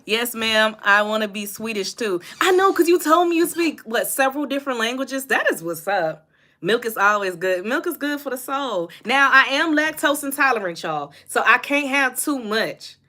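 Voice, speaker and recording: A young woman talks casually into her phone, greeting viewers by name and answering their comments. Her voice is bright and sits a little high, and she laughs easily between remarks. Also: lively intonation, moderate pace. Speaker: host. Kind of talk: casual livestream chat.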